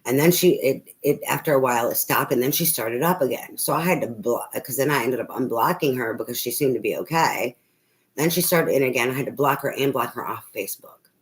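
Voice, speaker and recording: A woman's voice: very deep voice, a little fast, rough recording. A middle-aged woman, a tarot reader, venting about family trouble in a blunt, emphatic way, swearing often and restarting her sentences. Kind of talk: emotional personal venting monologue.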